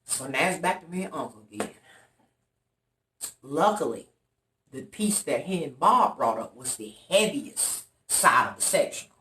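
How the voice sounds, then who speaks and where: Lively, bright-voiced woman telling a story. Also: low-pitched, moderate pace, slight background noise. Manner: animated, dramatic retelling with loud quoted voices. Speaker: vlogger. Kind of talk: casual storytelling to viewers. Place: room in an apartment. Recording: echoey room, voice off-mic.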